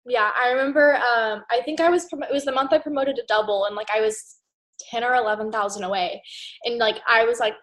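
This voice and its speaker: A woman co-host telling a story in casual chat, animated and laughing. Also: on the high side, fairly quick, rough recording. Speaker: network marketing co-host.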